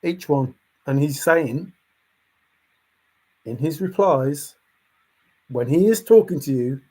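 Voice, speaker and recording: A man's voice: a little high, expressive, slow pace, pauses often, mellow, breathy edge. A man vlogger giving an emphatic, repetitive casual monologue, chuckling to himself now and then.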